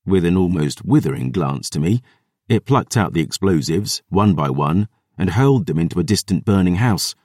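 A man narrating an audiobook in the first person, with a gruff, sardonic, measured delivery. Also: deep voice, lively intonation, a little mellow, dry recording, clean studio sound.

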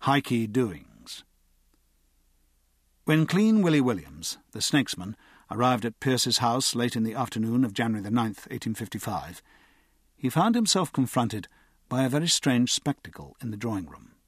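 A man narrates a novel chapter in a measured, expressive way, his pitch rising and falling with the story. His voice has a light husky edge, recorded close and dry. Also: no room sound. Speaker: audiobook narrator. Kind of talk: scripted narration.

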